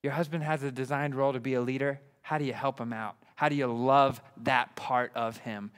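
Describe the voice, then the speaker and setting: A young adult man preaching a sermon, excitable and enthusiastic. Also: medium pitch, fairly quick, smooth, in a large hall. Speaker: pastor.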